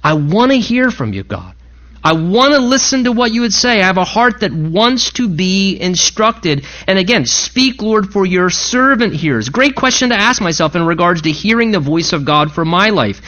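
A middle-aged man preaching a sermon, earnestly quoting scripture with dramatic pauses. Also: sits high, very animated, fairly bright tone, dull audio. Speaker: pastor.

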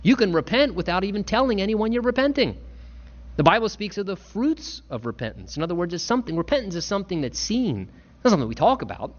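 A man's voice: high-pitched, very animated, quick pace, muffled recording. A man preaching a sermon, earnest and emphatic, stressing points through repetition. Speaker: pastor.

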